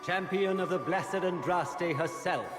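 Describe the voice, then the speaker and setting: An actor playing a pompous court herald who declaims guests' names and titles in a formal voice. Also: male voice, high-pitched, unhurried. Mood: grand. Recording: echoey hall with loud music.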